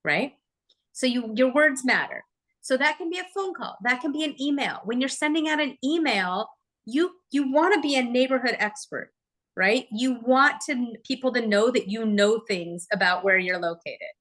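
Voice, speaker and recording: A woman giving a live real estate training talk, chatty and lively, often asking the audience questions. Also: on the high side, normal speed. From Oregon, USA.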